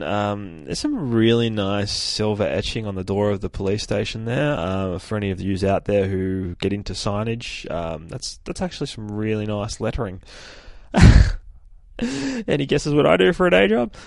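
Podcast host, man, low voice, dry close sound, swears freely, lively recap of a comic. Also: normal speed, gravelly, no room sound. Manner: animated, profane, laughs at himself. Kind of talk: casual comic book recap.

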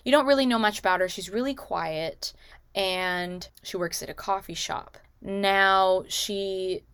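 A movie recommendation vlogger speaks in a medium-pitched, fairly bright voice that's clean and free of echo. In her casual recap, she chats away with plenty of "like" and "you know" asides and acts out characters' lines in quick quotes.

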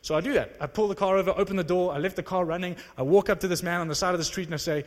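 A young man from South Africa preaching a sermon, telling a personal testimony with animated storytelling that rises into excited exclamations. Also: high-pitched, very fast, few pauses. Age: young adult. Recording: reverberant hall.

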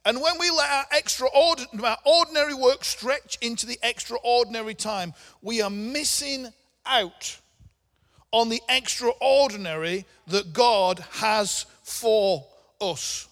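A man's voice: very high-pitched, takes it slowly, a bit bright. A middle-aged man preaching a sermon in a conversational way, with humorous asides. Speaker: pastor. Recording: long hall reverb.

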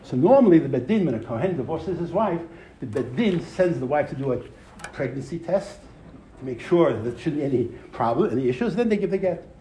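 A man in a room with listeners gives a storytelling Torah class, his fairly high voice rising and dropping sharply as he repeats lines for effect. Faint room noise sits under him. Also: a little fast, rough recording. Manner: animated, repeats phrases for emphasis, uses Hebrew and Yiddish terms. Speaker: rabbi giving a class.

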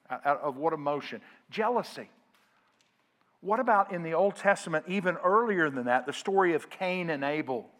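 Fairly high-voiced preaching male pastor. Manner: preaching with call-and-response, swinging from loud to quiet. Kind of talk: sermon.

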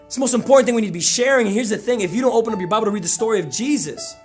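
A male pastor delivers an energetic, conversational sermon and drives his points home by repeating them. His voice sits high for a man. Soft instrumental music plays quietly underneath. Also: very fast.

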